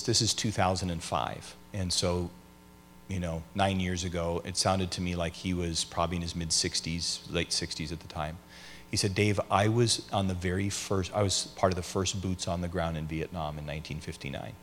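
Casting: male pastor with a very low voice, relaxed storytelling, faint hum behind. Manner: storytelling, conversational, acts out quoted voices. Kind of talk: teaching session with audience questions.

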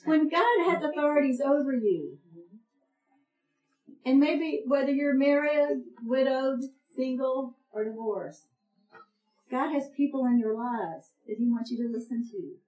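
Middle-aged woman preaching to a women's group, tells stories w/ voices, fairly high voice. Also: unhurried, echoey room, muffled recording. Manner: animated storytelling with quoted dialogue. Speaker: women's ministry speaker. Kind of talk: storytelling sermon to women.

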